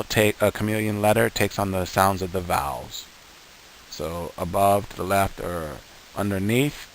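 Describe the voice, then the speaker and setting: A man with a deep, low-pitched voice teaches a beginner lesson. He is patient and unhurried, repeating each syllable and word so the learner can follow along. A faint hiss runs under the recording. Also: low-quality recording. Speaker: Hebrew teacher.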